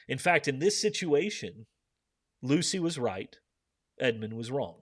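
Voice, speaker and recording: A man's voice: mid-range voice, sing-song, measured pace, pauses often, husky, dry recording. Earnest man leading a book discussion. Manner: earnest, poses questions to listeners. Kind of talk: live book discussion with scripture readings.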